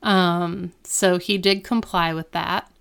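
A young woman co-hosting a podcast, retelling a TV episode in quick, casual chat full of "like.". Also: fairly low pitch, fairly even intonation, vocal fry, smooth. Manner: chatty, quick retelling with lots of "like". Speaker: podcast co-host.

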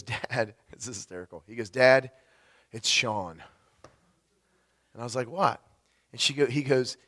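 A middle-aged man preaching a chatty, humorous sermon, getting over a cold and clearing his throat now and then. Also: mid-range voice, a bit bright. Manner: humorous, chatty, often restarts, teases the congregation. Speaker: pastor. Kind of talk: casual conversational sermon.

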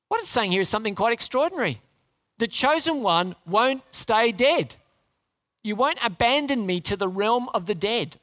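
A woman's voice: fairly high pitch, lively intonation, normal speed, a bit bright. A woman preaching a sermon in an earnest, conversational way, asking rhetorical questions and repeating phrases for emphasis.

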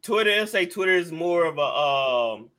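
A man hosting a casual sports podcast, laid-back and quick to laugh. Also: on the high side, lively intonation, over a noisy crowd. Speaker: podcast host.

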